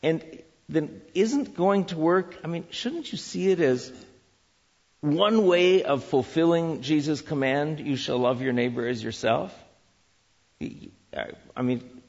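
A man giving a church teaching talk, lively and full of rhetorical questions, who also engages the audience. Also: on the high side, a little slow, creaky, husky, big-room sound, highs cut off. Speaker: Christian speaker teaching on work and business.

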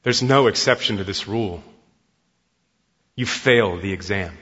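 A man's voice: lowish voice, measured pace, husky, voice pushed down. A man doing a cold, stern old professor. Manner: cold, clipped, quiet. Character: stern older male professor, cold and curt. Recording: dull lo-fi sound with long hall reverb.

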